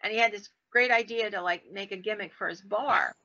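A woman hosting a podcast, telling stories with a bright, forceful voice and acting out the quotes with lively jumps in pitch. The recording has a dull, lo-fi quality. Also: a little fast. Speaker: podcast host and storyteller. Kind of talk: casual storytelling. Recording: dull lo-fi sound.

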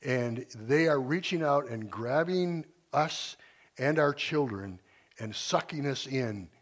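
An older man in his sixties speaks to his church congregation in a loose, earnest way, circling back and restarting his sentences as he goes. His voice sits at an ordinary middle pitch, and he sounds like a retired schoolteacher sharing his convictions. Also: expressive, takes it slowly. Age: 60s. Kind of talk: informal sermon talk.

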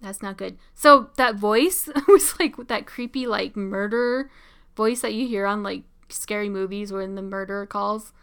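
A young woman casually commenting on a show as she watches, chatty and excitable, often laughing and saying "like". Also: medium pitch, unhurried, creaky, smooth. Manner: chatty, giggly, excitable, many "like" fillers. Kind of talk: casual live reaction commentary.

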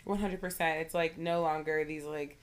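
Chatty, low-pitched woman podcast co-host. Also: fairly even intonation, moderate pace. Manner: chatty, leans heavily on "like". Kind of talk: casual chat.

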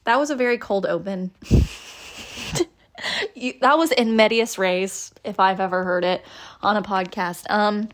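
A woman hosts her own podcast alone, sounding frustrated and near tears. She rambles, fills gaps with ums and mocks herself. Her voice sits at an ordinary pitch and is picked up by an iPhone. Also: unhurried, pauses often. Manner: rambling, self-deprecating, many ums and laughs. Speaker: podcast host. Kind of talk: casual solo podcast chat.

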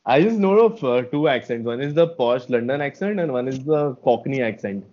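A young man from India co-hosting a podcast, telling his stories in a relaxed, reflective casual chat. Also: mid-range voice, moderate pace. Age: young adult. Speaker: podcast co-host. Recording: dull lo-fi sound.

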